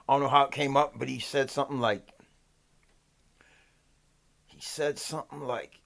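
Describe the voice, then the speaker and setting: A man telling a personal story in a casual, profane, rambling way, often asking "right?". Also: medium pitch. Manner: rambling, loose, peppered with "like" and "right?". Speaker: storyteller vlogger.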